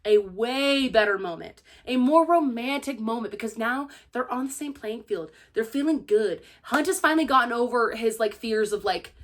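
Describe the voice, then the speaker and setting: A woman's voice: on the high side, expressive, normal speed, few pauses, slight background noise. A young woman giving a casual spoiler-filled book review, gushing and acting out the characters' lines with lots of "like". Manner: peppers her speech with "like".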